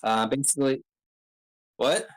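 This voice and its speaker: A man's voice: mid-range voice, lively intonation, unhurried, rough recording. A man casually recapping a story, rambling with many ums and uhs and throwing in joking asides. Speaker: video creator recapping an anime arc.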